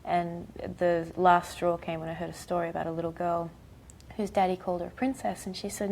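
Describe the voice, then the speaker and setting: A woman in her thirties with an Australian accent, a guest chatting casually in an interview, soft-spoken and halting with many fillers. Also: on the low side, level tone, a little hiss or hum, low-quality recording. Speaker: actress guest.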